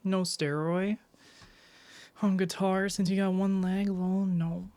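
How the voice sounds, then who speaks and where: A man's voice: high-pitched, level tone, slow pace, a little mellow, no echo. A man streaming live, chatting casually with his viewers and reading their messages aloud, full of "like" fillers. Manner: rambling, many "like" fillers, reads chat aloud. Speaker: livestreamer.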